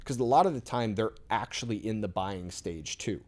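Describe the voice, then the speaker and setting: A man with a fairly low voice talks casually and upbeat. He explains his points with everyday examples and often checks in with a quick "right?". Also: expressive, darkish tone. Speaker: insurance sales rep, guest. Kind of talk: casual interview talk.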